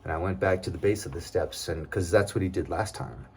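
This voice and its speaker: A man with a somewhat low, husky voice talks straight to the camera in a loose, casual monologue. He rambles and drifts into asides, filling pauses with "um" while he airs his grievances. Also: darkish tone. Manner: rambling, aggrieved, with many fillers and digressions. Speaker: vlogger.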